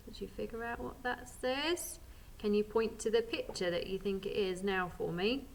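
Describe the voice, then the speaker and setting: A young woman teaching a phonics lesson to small children, sounding out each letter slowly and encouraging them with praise. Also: mid-range voice, creaky. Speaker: primary school teacher.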